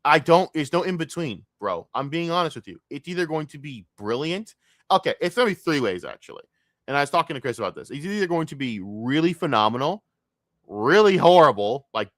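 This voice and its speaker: A man ranting in a casual, profane stream rant, jumping from loud outbursts to low grumbling. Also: no echo, studio quality. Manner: profane, excitable, swings between loud outbursts and mutters.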